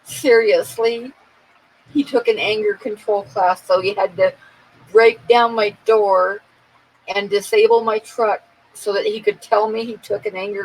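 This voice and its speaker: A woman's voice: mid-range voice, steady tone, a little slow, slightly rough, low-quality recording. Woman chuckling through a casual story. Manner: chatty and amused, laughing at her own story. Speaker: art channel host chatting with viewers. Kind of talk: casual live-stream chat, storytelling.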